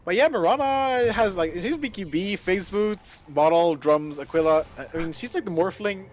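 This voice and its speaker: A man doing excitable, casual esports commentary, laughing often and using lots of fillers. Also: high voice, normal speed, slight background noise.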